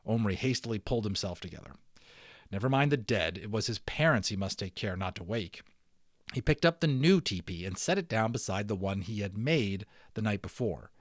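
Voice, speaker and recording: Brief: male audiobook reader, animated and expressive, mid pitch, dry close sound. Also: fairly quick, no room sound. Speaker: audiobook narrator. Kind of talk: dramatic storybook reading.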